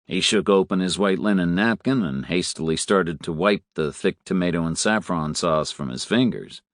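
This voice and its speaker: A man narrating a novel in a measured, expressive way. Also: low voice, dry recording, studio quality. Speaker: audiobook narrator. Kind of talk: scripted narration.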